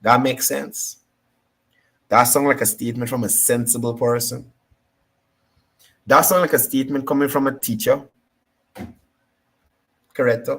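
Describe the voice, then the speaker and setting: A man's voice: mid-range voice, steady tone, a little slow, long pauses, a bit bright, husky. A man with a Guyanese accent hosting a political talk show, combative and repeating his points for emphasis. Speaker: political commentary host.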